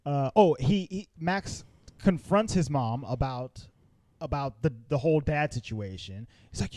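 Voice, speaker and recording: A man with a fairly high voice chats casually as a podcast co-host. He is animated and jumps into exaggerated voices for the characters. The recording is dry and close. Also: a little slow, dry recording. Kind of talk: casual film review chat.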